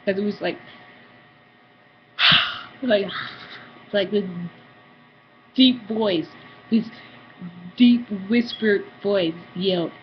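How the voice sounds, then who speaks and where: A woman's voice: mid-range voice, slow, long pauses, lo-fi sound, slight background noise. A young woman vlogger telling a story to the camera in a casual, rambling way, full of fillers and acted-out family voices.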